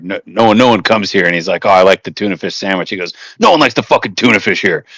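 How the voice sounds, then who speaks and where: A man's voice: low voice, a bit bright, dry recording. A young man co-hosting a podcast, telling stories in casual, profane chat and laughing often. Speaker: podcast co-host.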